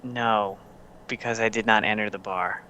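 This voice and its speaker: A man's voice: fairly low pitch, steady tone, normal speed, sharp tone, clear, resonant tone, muffled recording. A man playing a tabletop game in character, speaking in a stiff, overly formal way. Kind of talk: in-character role-play.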